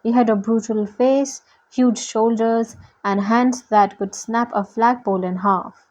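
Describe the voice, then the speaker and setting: A woman reading a novel aloud in a steady, deliberate way. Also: on the high side, dull audio. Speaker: reader.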